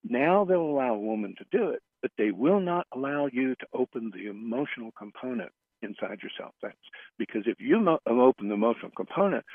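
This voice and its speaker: An earnest man speaks as a radio guest, his talk halting and looping back over phrases. He sounds thin and narrow, as if over a phone line, with a dry, close sound. His pitch sits in an ordinary middle range. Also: no room sound. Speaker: radio show guest, flower remedy practitioner. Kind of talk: storytelling in a radio interview.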